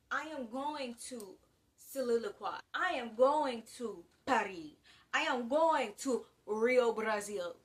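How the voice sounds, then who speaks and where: A 19-year-old woman from the US gives a casual, slangy to-camera monologue, talking in an animated way with big swings in loudness. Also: fairly high pitch, distant mic. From United States. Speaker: vlogger.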